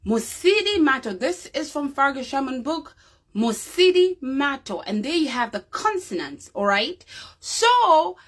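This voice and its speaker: A woman's voice: high-pitched, very animated, a little slow, a bit bright. A woman giving a casual, unscripted demonstration to her viewers, often stopping to check in with them. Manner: chatty and unscripted, with fillers. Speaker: presenter demonstrating a craft.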